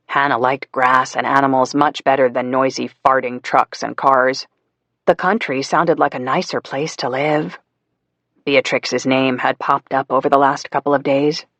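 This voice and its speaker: A man narrating a psychological thriller audiobook in a measured storytelling manner, voicing the characters as he goes. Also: mid-range voice, fairly bright tone, no echo. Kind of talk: scripted narration.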